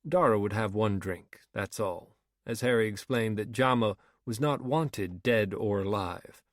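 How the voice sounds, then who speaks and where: Steady male audiobook narrator, dry sound. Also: fairly low pitch, unhurried, few pauses, no echo. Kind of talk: scripted narration.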